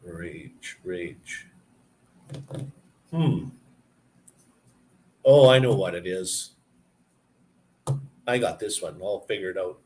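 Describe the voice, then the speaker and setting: A man hosting a live stream, telling a story and answering viewer comments in a relaxed, chatty way. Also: sits low, extremely slow, long pauses, slight background noise. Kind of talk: casual live-stream chat.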